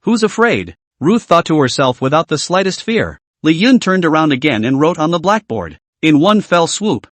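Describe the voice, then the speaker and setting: A man reads a story recap aloud and voices every part himself. His pitch is a little high and moves around a lot. The sound is dry and close. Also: very animated, normal speed, few pauses, dry recording. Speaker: recap narrator. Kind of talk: scripted story narration.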